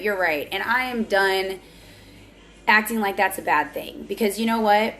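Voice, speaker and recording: A woman's voice: mid-range voice, moderate pace, fairly bright tone. A young woman talking candidly on her vlog, earnest and confessional, often restarting her sentences. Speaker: vlogger. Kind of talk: candid personal vlog talk.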